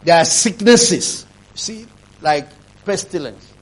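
Man, preacher, husky voice, sermon testimony, emphatic bursts. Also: animated, takes it slowly. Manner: rising to loud emphatic preaching, then dropping low.

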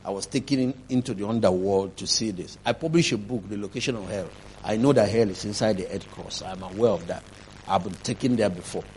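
A man preaching a sermon, telling a testimony, swinging from quiet telling to loud, emphatic preaching. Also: fairly quick, slight background noise. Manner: rising to loud emphatic preaching, then dropping low.

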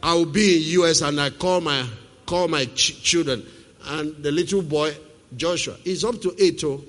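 A man preaching a sermon, who puts questions to the congregation and swings from forceful to hushed. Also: a little high, normal speed. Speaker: pastor. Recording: reverberant hall.

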